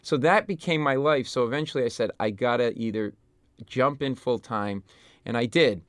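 A middle-aged comedian from Rhode Island, telling stories as an interview guest in an animated, stumbling way. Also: male voice, medium pitch, normal speed, no room sound, clean studio sound. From Providence, Rhode Island. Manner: animated, stumbles and restarts mid-sentence. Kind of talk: conversational storytelling.

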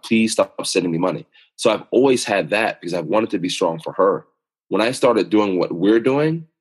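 A man with a low, husky voice, talking as a podcast guest. He speaks earnestly and emphatically, in a motivational tone that pushes his points home. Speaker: guest, author and speaker on self-awareness. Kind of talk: podcast interview conversation.

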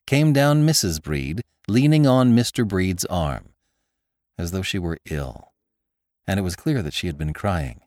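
A man narrating a classic story as an audiobook host, with expressive storytelling. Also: sits low, no echo, studio quality.

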